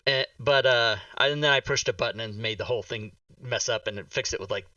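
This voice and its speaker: A man hosting a casual live-stream chat, excitable and loud, cursing and mocking his own mistakes. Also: mid-range voice, a little fast, dry recording, recorded from a distance, highs cut off. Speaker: host.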